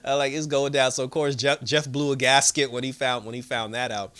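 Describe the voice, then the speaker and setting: A man casually recapping a TV episode, animated, with lots of fillers and frequent laughter. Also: medium pitch, brisk. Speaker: show reviewer.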